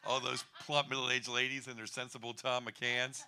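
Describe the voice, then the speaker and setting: Comedian, 50s man, lively sing-song delivery, rambling wry bits, laughs at his own jokes. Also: medium pitch, noisy background. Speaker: stand-up comedian. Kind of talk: stand-up comedy set. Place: comedy bar stage.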